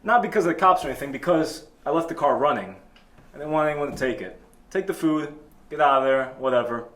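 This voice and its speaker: A man hosting a comedy talk show, telling a boastful tall tale in a deadpan way. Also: on the high side, quick pace. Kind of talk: comedic storytelling. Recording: echoey room.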